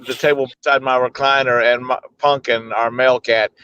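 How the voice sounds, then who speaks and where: A man's voice: medium pitch, little pitch movement, bright, forceful tone, smooth. Easygoing man on a dull video call. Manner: easygoing storyteller, rambles with "uh" pauses. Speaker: co-host of a daily live show. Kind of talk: casual chat.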